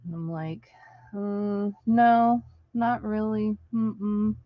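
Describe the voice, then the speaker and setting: A woman past thirty-five talks at an easy, unhurried pace in a casual live-stream chat. She keeps breaking into laughs and acts out the lines of the people in her stories. The audio is dull and lo-fi, and the sound is dry and close. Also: medium pitch, fairly even intonation, no room sound. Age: over 35. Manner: chatty, laughs often between sentences; tells stories by acting out what people said.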